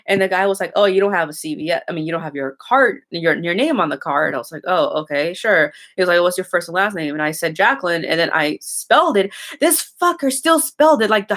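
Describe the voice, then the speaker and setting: A young woman chats with her viewers in a loose, rambling way, often restarting her sentences. She is blunt and swears freely, and her voice sits a little low. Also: a bit bright. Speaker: streamer chatting with viewers. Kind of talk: casual chat.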